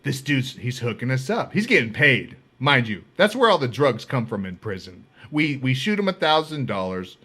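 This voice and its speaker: Lively bright-voiced man telling stories. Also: medium pitch, moderate pace, few pauses, husky. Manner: animated, swears freely, acts out quoted voices. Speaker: podcast host. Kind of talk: casual storytelling.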